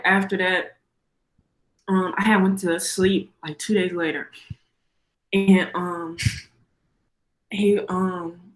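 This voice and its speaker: Soft-spoken young woman in an echoey room. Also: fairly low pitch. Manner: casual, hesitant storytelling full of "like" and "um". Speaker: church testimony speaker. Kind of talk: personal testimony. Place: church.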